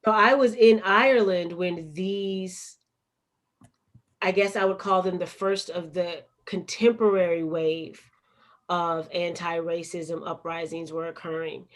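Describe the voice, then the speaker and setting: Earnest low-voiced woman with a Chicago accent. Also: fairly even intonation, a little slow. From United States. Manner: earnest, emphatic storytelling. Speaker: guest poet and activist. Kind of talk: interview.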